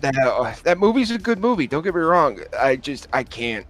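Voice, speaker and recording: A man's voice: on the high side, big pitch swings, normal speed, faint music behind. A man in a casual chat making wry, dry remarks. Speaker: guest on a hobby stream.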